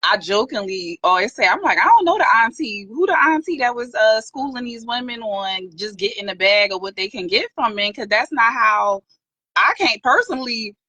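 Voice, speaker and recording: A woman guest on a live video call, chatting in with quick, lively rambling. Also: on the high side, husky, dry recording. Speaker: guest caller on a live stream. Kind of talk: casual chat. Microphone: phone camera on a video call.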